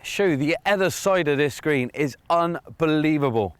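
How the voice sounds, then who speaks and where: A man reporting outdoors on a golf course, explaining a hole in a lively, hands-on way while he plays a shot. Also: on the high side, normal speed, smooth, dry recording. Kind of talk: on-course demonstration and commentary.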